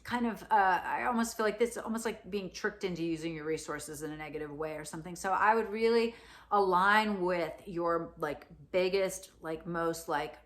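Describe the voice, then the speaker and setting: A woman's voice: fairly low pitch, normal speed, a bit bright. A woman astrologer giving a casual spoken forecast, chatty, with many fillers and "right?" asides.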